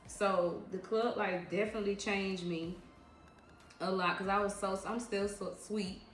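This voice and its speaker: A woman's voice: mid-range voice, fairly even intonation, soft background music. A woman in her thirties telling casual story-time tales in a frank, emphatic way, with slangy repeats for emphasis. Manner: slangy, drawn-out repetitions. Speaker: vlogger recounting her years as a club dancer. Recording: echoey room with faint ambience.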